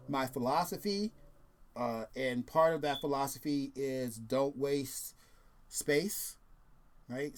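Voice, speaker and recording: A man hosting a casual video and talking in a rambling, laid-back way, full of fillers and restarts. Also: medium pitch. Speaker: host.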